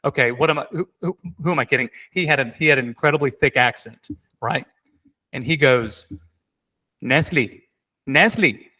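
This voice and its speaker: Chatting on his podcast, a man spins a lively personal anecdote in a bright, pushed, medium-pitched voice. He talks fairly quickly, tripping over words, starting over and stacking up fillers.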